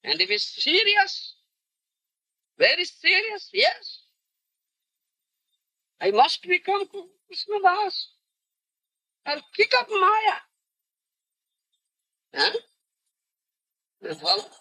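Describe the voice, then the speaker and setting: A man's voice: very high voice, big pitch swings, drawn-out words, pauses often, sharp tone, no room sound, low-quality recording. Emphatic man giving a spiritual lecture. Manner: emphatic, keeps checking in with "you understand?" and "huh?". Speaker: spiritual teacher. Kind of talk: devotional lecture. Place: lecture hall in India.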